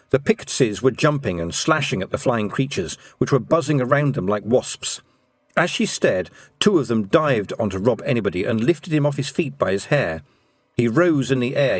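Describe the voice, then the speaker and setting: A man narrating an audiobook in an expressive storytelling manner. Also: mid-range voice, no room sound, clean studio sound.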